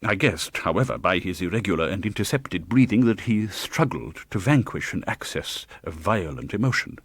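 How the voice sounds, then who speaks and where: A man's voice: low-pitched, animated, moderate pace, a bit bright, breathy edge, no echo. A man reading an audiobook in a dramatic, tense manner, close to the microphone. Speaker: audiobook narrator. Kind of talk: scripted audiobook narration.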